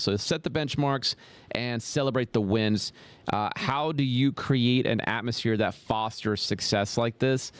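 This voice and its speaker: Pastor guy with a lowish voice, punchy and repetitive, talks straight at you, dry close sound. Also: no room sound. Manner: emphatic, repeats key points, addresses listener directly. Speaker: pastor and podcast host. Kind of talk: motivational teaching talk.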